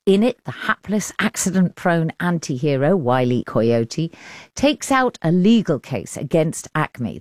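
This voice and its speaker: A woman with an English accent presenting a radio arts programme, with a lively, expressive delivery. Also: sits low, no echo, clean studio sound. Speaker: radio arts show host. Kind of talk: broadcast presenting.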